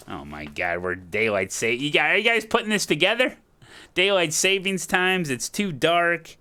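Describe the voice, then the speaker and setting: Bright-voiced excitable streamer guy. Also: on the high side, moderate pace, clean tone. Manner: excitable, jokey, thinks aloud. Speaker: streamer playing a detective game. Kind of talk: casual live-stream chat.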